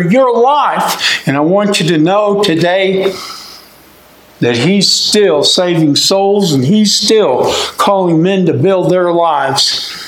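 A male preacher giving a sermon who keeps saying "my friend" and "today" and rises to shouts at high points. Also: takes it slowly, roomy sound, low-quality recording.

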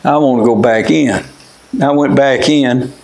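A man's voice: mid-range voice, unhurried, gravelly, darkish tone, a little hiss or hum. An older man, preaching a homey, plainspoken sermon and telling stories between scripture readings. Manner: plainspoken, homey, quotes scripture in old wording. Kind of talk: folksy sermon with storytelling. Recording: echoey room.

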